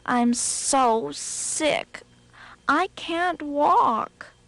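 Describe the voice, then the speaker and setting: A woman's voice: high-pitched, sing-song, a little slow, a bit bright, no room sound, pitched above the performer's own voice, full character voice. A woman voicing a tricky, boastful male rabbit in a storybook game. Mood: feigned weak.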